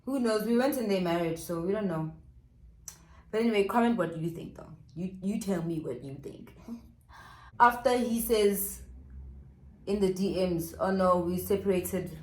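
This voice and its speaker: A woman's voice: medium pitch, moderate pace, long pauses, darkish tone. A woman vlogger telling a gossip story while doing her makeup at home, chatty with dramatic asides to viewers. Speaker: beauty vlogger. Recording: echoey room.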